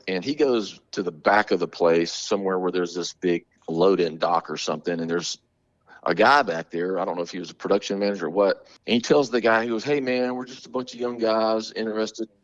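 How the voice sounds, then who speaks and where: Man, lowish voice, casual storytelling, slangy, laughs often, dull lo-fi sound. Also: fairly quick. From Montgomery, Alabama. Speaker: guest musician, drummer.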